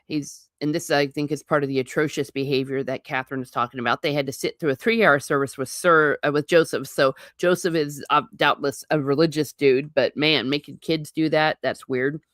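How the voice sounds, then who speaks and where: A woman's voice: low-pitched, steady tone, a little fast, hardly any pauses, fairly bright tone, no room sound, studio quality. A woman hosting a live book reading, breaking in with chatty, wry asides. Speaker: book channel host.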